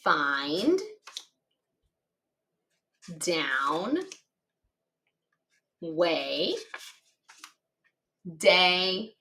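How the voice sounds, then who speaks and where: A woman teaching a phonics reading lesson to children, patient and encouraging, spelling words out slowly letter by letter and giving cheerful praise. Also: on the low side, big pitch swings, bright, forceful tone.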